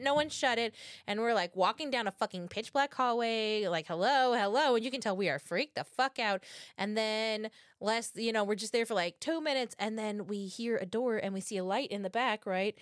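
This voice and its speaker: Podcast co-host, woman in her thirties, middle pitch, dry close sound, animated and profane storyteller. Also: no echo. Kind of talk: casual chat, storytelling.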